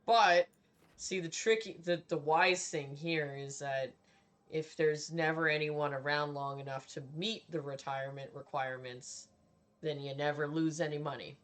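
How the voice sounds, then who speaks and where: A woman's voice: sits low, steady tone, moderate pace. A woman game streamer giving casual, candid commentary while she plays, laughing often and swearing freely.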